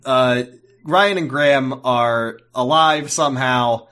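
A man's voice: medium pitch, slow pace, fairly bright tone. Rambling casual male podcast co-host. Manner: rambling, swears, jumps into goofy robot voices. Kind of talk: casual recap chat.

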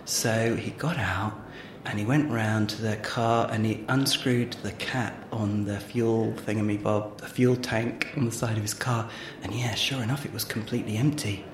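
A man's voice: on the low side, fairly even intonation, normal speed. A man co-hosting a podcast, telling long jokes theatrically and laughing along. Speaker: podcast co-host. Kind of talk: playful comedy sketch and joke telling. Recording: roomy sound with faint noise.

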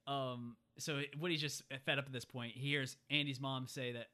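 Co-host, male, bright forceful tone, lively scene-by-scene recap. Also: mid-range voice, moderate pace, few pauses. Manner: animated retelling, acts out character lines. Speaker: podcast co-host. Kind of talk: casual movie recap chat.

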